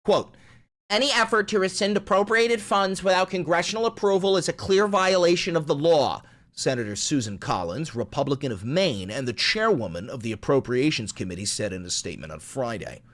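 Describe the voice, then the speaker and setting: A man's voice: on the high side, a little fast, fairly bright tone. A man hosting an online political commentary show, reading news aloud and ranting about it with sarcastic, profane outbursts.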